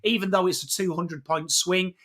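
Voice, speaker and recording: A high-voiced Englishman hosts a live footy stream at a moderate pace, chatting matily with viewers and breaking down trades. He's excitable and matey, swears freely, and greets people in chat by name.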